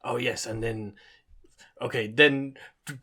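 Bright man, halting chat. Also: medium pitch, fairly even intonation, husky. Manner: hesitant, stammering restarts, laughs often. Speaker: podcast co-host. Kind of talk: casual chat.

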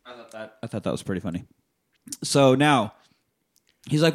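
A man hosting a casual podcast, retelling a movie plot in a profane, animated way. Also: mid-range voice, normal speed. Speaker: podcast host. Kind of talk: casual chat.

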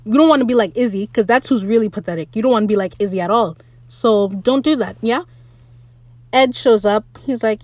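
A woman giving a casual, opinionated recap of a TV episode, animated and swearing freely, speaking straight to the writers. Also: a little high, moderate pace, no room sound. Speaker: show recap podcaster.

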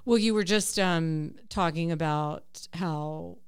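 A woman's voice: deep voice, slow pace, clear, resonant tone. A woman co-hosting a radio show, bantering playfully with the host. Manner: playful, teasing. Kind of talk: casual on-air banter.

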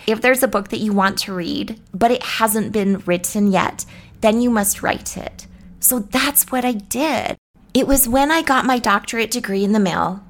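A woman's voice: medium pitch, fairly bright tone. A middle-aged woman hosting a solo podcast as a meditation teacher, talking straight to the listener in a playful, encouraging way.

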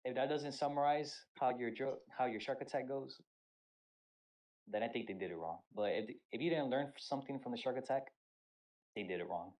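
A man's voice: mid-range voice, a little fast, rough recording. A young man on a podcast telling an army story in casual chat, profane and full of acted-out quotes. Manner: animated, profane, acts out quotes. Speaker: podcast co-host.

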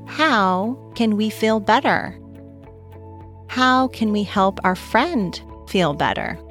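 Woman reading a kids story super slow, gentle, keeps asking the little ones questions, dry sound, soft music behind. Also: medium pitch, no room sound. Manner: gentle, asks the listening child questions. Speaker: storyteller for young children. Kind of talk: children's story read-aloud.

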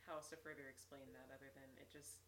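A woman's voice: a bass voice, little pitch movement, fast talker, a bit bright. A young woman chatting as a podcast guest, laid-back and dry, with offhand jokes. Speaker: guest co-host. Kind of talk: casual recap chat.

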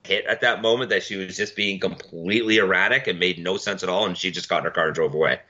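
Speaking quickly with fairly even intonation, this man co-hosts a podcast and shares blunt, profane stories in casual conversation. He imitates the people he argued with in loud, high-pitched voices, and the recording sounds dull and lo-fi.

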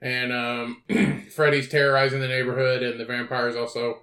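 A man co-hosting a podcast, telling a story in an easy-going, casual way. He often pauses on fillers and clears his throat. The room around him is echoey. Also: mid-range voice, level tone, sharp tone. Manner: laid-back storytelling with fillers. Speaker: podcast co-host. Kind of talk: casual chat.

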